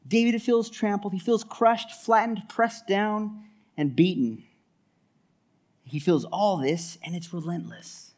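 A man's voice: high-pitched, animated, measured pace. A man preaching a sermon in an earnest, emphatic way, often stacking repeated phrases. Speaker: pastor.

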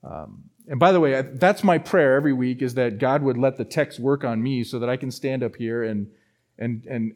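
A man, a pastor, preaching a sermon and telling a personal story, with frequent restarts. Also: mid-range voice. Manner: storytelling, animated with many restarts. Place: church.

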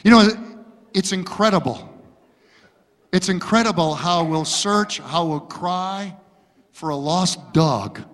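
A man's voice: high-pitched, slow pace, long pauses, a bit bright. A male pastor delivering an impassioned sermon and acting out stories, recorded in a church sanctuary. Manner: impassioned preaching with acted-out stories. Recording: long reverb of a large hall.

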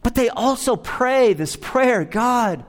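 Casting: male pastor preaching slowly and deliberately, with emphatic stress on key words. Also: a little high, very animated. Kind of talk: sermon.

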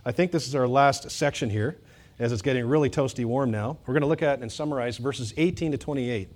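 A male pastor preaching a sermon to a congregation, animated and emphatic, building to loud bursts and dropping to quiet, joking asides. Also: mid-range voice, a little fast. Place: church hall with congregation.

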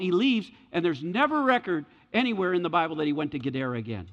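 An earnest, emphatic man preaching a sermon with a fairly high voice, often stopping to check in with his listeners. The sound is dull and lo-fi, with a long reverb trailing behind his words. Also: animated, quick pace, few pauses, fairly bright tone. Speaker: pastor.

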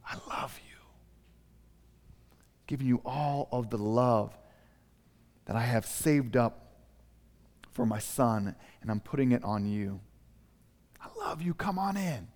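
A gentle, loving divine father speaks quietly and reassuringly, put on by a male preacher. The voice is hushed and warm in tone, with a long hall echo behind it. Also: mid-range voice, steady tone, a little slow, pauses often, natural voice. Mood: tender, welcoming.

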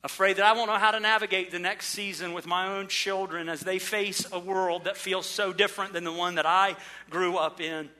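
Male pastor, earnest sermon delivery, high-pitched, piercing tone. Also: flat delivery, pushed and bright. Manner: earnest preaching, slows and stresses words.

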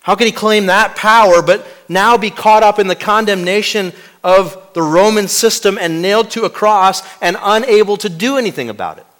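Pastor delivering a sermon, dramatic, voice falling to a near hush, fairly high-pitched man. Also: normal speed. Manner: dramatic, swinging from loud to hushed; rhetorical questions to the congregation.

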